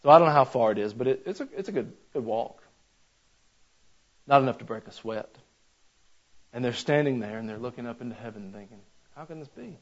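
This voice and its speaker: Folksy preacher, dull lo-fi sound. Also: male voice, medium pitch, fairly quick, pauses often. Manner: folksy, conversational, addresses congregation directly. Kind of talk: sermon.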